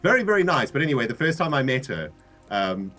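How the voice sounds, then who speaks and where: Animated South African man telling a story. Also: mid-range voice, quick pace, soft background music. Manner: animated storyteller, laughs often, restarts. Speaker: co-host of a game livestream. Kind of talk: casual chat, storytelling.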